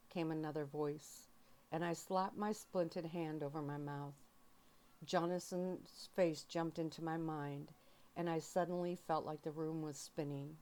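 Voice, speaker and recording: Low, slow soft-spoken woman reader. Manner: calm, emotional first-person narration. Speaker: audiobook reader. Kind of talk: soft-spoken ASMR book reading.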